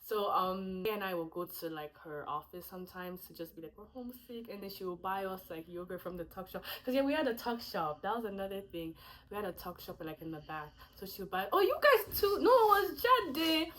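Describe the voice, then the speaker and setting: A woman's voice: on the low side, a little fast, rough recording. A young woman hosting a casual storytime chat with her cousins, talking freely and acting out quotes. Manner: chatty, laughing often, acts out quotes. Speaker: host.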